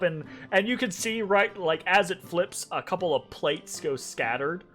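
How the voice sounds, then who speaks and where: A man narrating a tabletop game as game master, halting and full of fillers. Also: high voice, sharp tone, soft background music. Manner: halting, many fillers and restarts.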